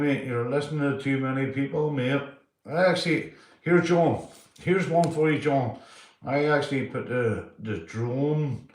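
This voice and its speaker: On a casual live stream, a man with a mid-range voice in a reverberant space chats loosely, reading out viewers' names. He swears a lot and keeps saying "mate".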